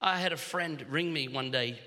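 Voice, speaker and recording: Bright-voiced Australian preacher, hall echo. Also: male voice, a little high. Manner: animated humorous storytelling with quick restarts. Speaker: pastor. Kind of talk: sermon. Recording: long hall reverb.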